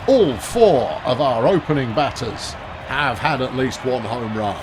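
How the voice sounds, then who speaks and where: Over some background noise, a man with a mid-range voice comments on his baseball video game play in an animated but unhurried way. As a gaming video host doing let's-play commentary, he stays wry and chatty, often talking to himself.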